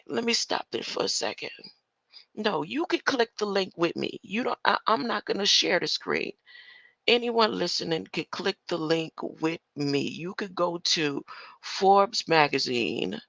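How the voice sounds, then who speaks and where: An older woman with a gravelly, bright-edged voice delivering a casual livestream rant. She talks slowly and in a confrontational way, with a lively pitch that swoops up and down, and she keeps tossing in rhetorical questions. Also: dry recording. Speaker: online commentator.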